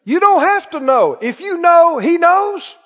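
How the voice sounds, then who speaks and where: A man preaching a lively sermon, calling out to the congregation and acting out anxious voices. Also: very high voice, measured pace. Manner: animated, calls for responses, acts out worried voices. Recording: dull echoey hall recording.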